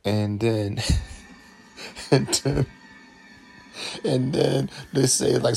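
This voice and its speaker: A man giving an excited, emotional reaction commentary while watching a film. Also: medium pitch, slow, vocal fry, long pauses, soft background music. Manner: emotional, exclaiming, laughing often. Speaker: reaction video host.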